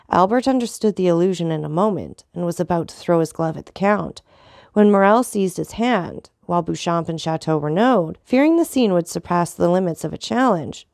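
A woman narrating a classic novel as an audiobook in a steady, expressive storytelling manner. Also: on the low side, vocal fry, no echo, studio quality. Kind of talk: scripted narration.

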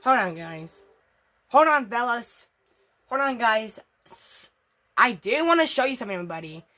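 A woman's voice: on the high side, normal speed, faint music behind. A woman hosting a gaming channel, talking casually over gameplay, stammering and repeating herself, swearing and easily riled. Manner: stammering, repetitive, profane, excitable.

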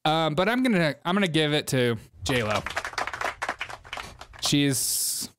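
A man's voice: fairly high pitch, big pitch swings, slow, noisy background. A man hosting a comedic news commentary show, talking in a sarcastic, teasing way.

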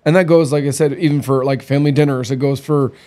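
A man's voice: medium pitch, fairly even intonation, fast, dark tone. A man in his thirties hosting, telling blunt, candid stories in a casual chat. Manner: blunt, candid storytelling with quoted dialogue. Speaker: podcast host.

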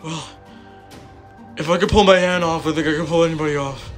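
A man voicing a gruff male shell creature who talks in a blunt, slangy way. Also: a little high, fairly even intonation, brisk, faint music behind, close to an everyday voice.

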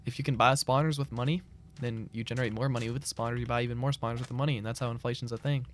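A man's voice: mid-range voice, steady tone, rapid-fire, a little hiss or hum. A man streaming a game, chatting casually in a loose, slangy, rambling way as he answers his chat. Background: keyboard clicks and typing.

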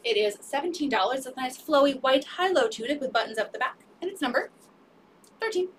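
A woman's voice: high-pitched, expressive, fairly quick, fairly bright tone, distant mic, a little hiss or hum. A woman selling secondhand clothes on a live stream, upbeat and repeating sizes, prices and item numbers. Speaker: resale live-stream seller. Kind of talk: live sales pitch.

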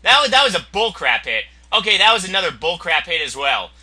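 A young man giving crude, excitable commentary over his own online gameplay, often yelling at opponents. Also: high-pitched, brisk, breathy edge. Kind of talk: profane live gameplay commentary.

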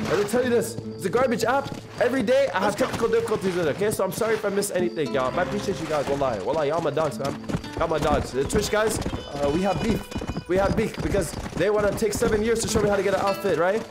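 A young man giving excitable, slang-heavy live commentary while streaming a video game and chatting with his viewers. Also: high voice. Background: game music.

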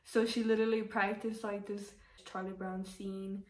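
A young woman tells a storytime in a chatty, rambling way, leaning on "like" as she acts out what others said. Her delivery stays flat and level. She sits back from the mic in a roomy, echoing space. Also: mid-range voice, normal speed, recorded from a distance. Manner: chatty, fills with "like", acts out quotes. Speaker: vlogger. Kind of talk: casual storytime. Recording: roomy echo, voice away from mic.

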